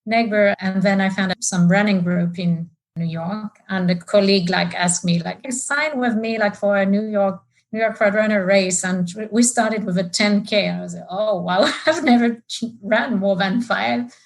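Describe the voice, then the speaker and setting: A woman's voice: mid-range voice, unhurried, rough recording. A woman with a French accent speaks as a podcast guest. She talks casually and chattily, with frequent fillers, in her thirties or so. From France. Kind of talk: podcast interview.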